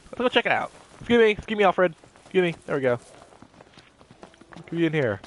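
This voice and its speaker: A young man giving excitable, jokey commentary while playing a video game. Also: on the high side, brisk, long pauses. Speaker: gaming YouTuber. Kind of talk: casual gameplay commentary.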